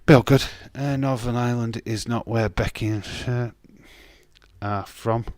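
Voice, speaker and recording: A man's voice: mid-range voice, steady tone, unhurried, darkish tone, no echo. A man, casually chatting on a live stream and bantering with chat comments, swearing now and then.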